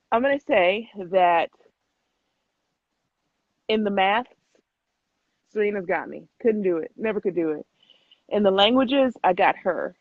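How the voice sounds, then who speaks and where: A chatty young woman answers viewer questions in a relaxed live Q&A, talking quickly and breaking into laughs between answers. Her voice comes through thin and phone-like. The sound is close and dry, with no room around it. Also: medium pitch, no echo. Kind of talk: casual live Q&A chat.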